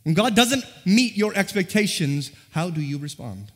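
A pastor delivers his sermon, pressing the congregation with one rhetorical question after another in an earnest tone. His voice sits a little high for a man. The sound rings out with the long reverb of a large church hall. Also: sing-song, normal speed. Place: church sanctuary.

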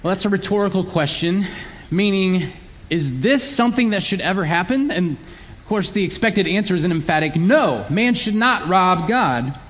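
A man's voice: high-pitched, lively intonation, moderate pace, a bit bright. A man preaching a sermon, explaining scripture earnestly and sometimes acting out sarcastic voices. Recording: long hall reverb.

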